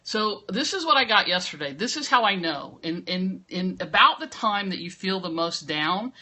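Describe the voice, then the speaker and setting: A woman's voice: mid-range voice, very animated, normal speed, sharp tone. A woman marketing coach talking to camera, giving an emphatic motivational talk and often checking in with "right?". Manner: emphatic, keeps asking "right?". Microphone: camera at her computer.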